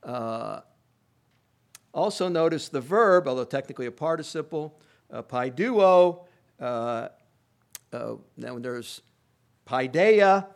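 A pastor preaching an expository sermon in a teacherly, halting way, with many fillers and emphatic rising stresses. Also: male voice, medium pitch, expressive, creaky.

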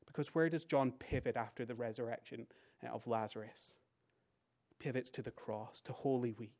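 A British man delivering a Sunday sermon, earnest and deliberate. His voice sits at an ordinary pitch, climbing for emphasis and falling away to a hush at the close of a thought, with key lines said twice. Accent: British English. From Britain. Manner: rises for emphasis, drops very quiet at phrase ends. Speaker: preacher.

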